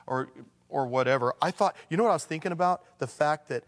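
A man preaching a sermon in a relaxed, conversational way, reading scripture passages aloud and stressing key lines. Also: medium pitch, a little fast, long reverb tail. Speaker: pastor.

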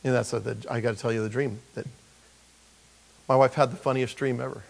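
A man's voice: medium pitch, fairly even intonation, brisk, gravelly, rough recording. A middle-aged male pastor preaching a conversational sermon, full of rhetorical questions and humor.

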